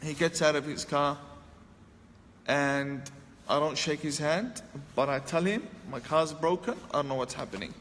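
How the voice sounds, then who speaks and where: A man with a fairly high voice tells a personal story in an animated way, throwing his voice up when he acts out what he once said. The sound carries a long hall reverb with faint ambient noise behind him. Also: normal speed. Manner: animated, acts out his own past lines with raised voice. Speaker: speaker telling a personal story. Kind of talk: storytelling talk.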